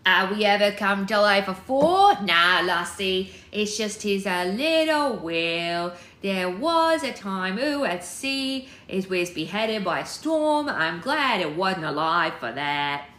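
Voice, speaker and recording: A booming old Scottish figurehead statue, creaking back to life, as a woman reading aloud puts him on. He speaks with a Scottish accent in slow, drawn-out words, his voice raised a little higher than hers and loud. The reading room rings around him. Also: sing-song, roomy sound. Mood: gruff. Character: old male Scottish ship figurehead statue come alive.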